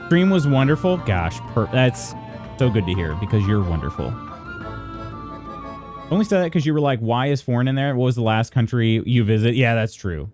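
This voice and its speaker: Lively chatty male streamer. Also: medium pitch, normal speed, over music. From United States. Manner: chatty, greets viewers by name, reads chat aloud. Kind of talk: casual chat with live chat.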